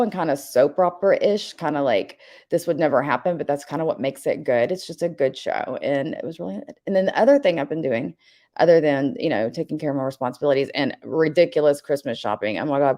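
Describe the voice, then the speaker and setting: Woman host, rambling casual livestream chat, voice on the lower side, greets viewers by name. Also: lively intonation, brisk, warm tone.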